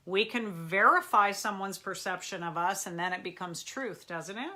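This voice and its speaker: A woman therapist talks to her live audience in an intense public-speaking voice. Her tone is firm and emphatic. The timbre is bright and forceful. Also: mid-range voice, normal speed, few pauses. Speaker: therapist and show host. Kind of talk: live question-and-answer talk.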